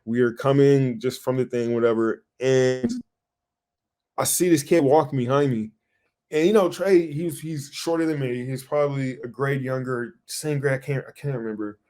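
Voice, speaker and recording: A young man co-hosting a podcast, telling a story in casual chat, animated and swearing freely as he acts out what he said back then. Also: mid-range voice, moderate pace. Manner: animated, swears a lot, acts out his own past lines. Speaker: podcast co-host.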